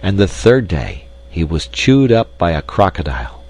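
A man voicing a pompous, polite male insect hero, with a high, fussy, pleading voice. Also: sing-song, moderate pace, darkish tone, exaggerated voice, rough recording. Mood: proud.

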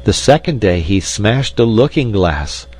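A man voicing a pompous, polite male insect hero, with a high, fussy, pleading voice. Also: sing-song, a little slow, a little hiss or hum, rough recording. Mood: proud.

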